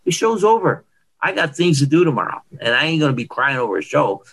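A man's voice: on the high side, quick pace, gravelly, husky, poor audio. A man, a former bodybuilder, telling stories in an interview and acting out what people said. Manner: animated storyteller acting out quotes. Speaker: guest, former pro bodybuilder. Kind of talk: storytelling interview.

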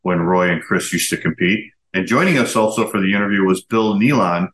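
A man with a very low voice hosting a podcast, asking questions and introducing recorded clips. He chimes in with quick affirmations. His voice carries a roomy echo. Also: fairly bright tone. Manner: affirming listener with quick interjections. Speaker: podcast host. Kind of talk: podcast interview and narration.

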